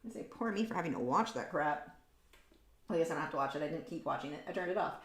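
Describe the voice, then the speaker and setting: Low-voiced and rapid-fire, a woman artist rambles through casual chat while painting on her livestream, frank and opinionated with loads of ums and likes. The recording has a roomy echo and a bit of hiss or hum.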